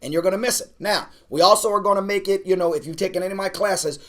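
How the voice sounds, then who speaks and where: A man's voice: high-pitched, fast talker. A man, a pastor, talking casually to an online class, urging and repeating himself as he builds energy. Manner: repetitive, exhorting, building to shouts; casual, uses "man" and "y'all". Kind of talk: energetic preaching pitch to an online audience.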